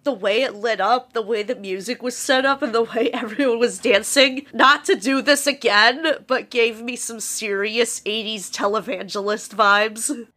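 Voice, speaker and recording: A woman's voice: a little high, fairly even intonation, moderate pace, bright, forceful tone. A woman co-hosting a podcast in casual comedic chat, joking and giggly, swearing freely. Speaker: podcast co-host.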